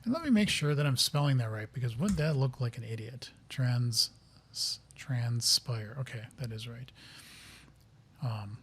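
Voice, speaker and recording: A man talking casually to viewers as he sets up a software project, rambling, thinking aloud and getting flustered by interruptions. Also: mid-range voice, a little slow, breathy edge. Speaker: software developer streaming a coding session. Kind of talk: casual live-coding commentary.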